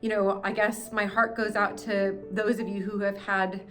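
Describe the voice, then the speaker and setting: Recorded on a handheld camera in a house cellar, this American woman rambles apologetically and emotionally while vlogging casually from behind the lens. Her delivery is flat, at a normal pace, in a mid-range, fairly bright voice over soft background music.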